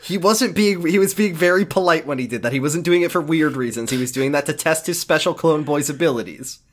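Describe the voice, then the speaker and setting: A man chatting on a comedy podcast as he recaps a TV episode. His voice sits a little high for a man, and he keeps cracking jokes and slipping into silly impressions of the characters. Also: fairly quick. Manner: jokey, puts on silly voices for characters, swears. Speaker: podcast co-host. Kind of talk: casual comedic chat recapping a TV show.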